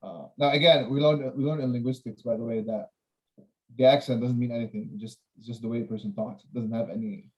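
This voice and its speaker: A man hosts the chat, speaking carefully and pausing to search for his words. His voice sits at a plain middle pitch. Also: fairly even intonation, poor audio. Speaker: host. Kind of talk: casual chat.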